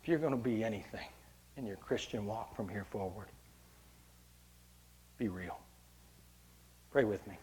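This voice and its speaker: A man's voice: on the low side, brisk. Impassioned male pastor preaching a sermon. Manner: swings between hushed, intimate storytelling and loud, impassioned preaching; addresses the congregation directly.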